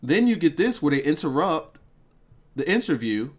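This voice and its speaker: A man's voice: on the high side, very animated, moderate pace. A man casually reviewing a wrestling show, talking in rambling, joking bursts with frequent restarts. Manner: rambling, stops and restarts, jokey.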